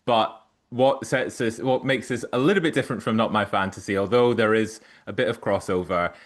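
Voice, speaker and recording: A man's voice: fairly low pitch, a little fast. A man appearing as a guest podcaster in casual chat, wry and explaining with fillers like "like".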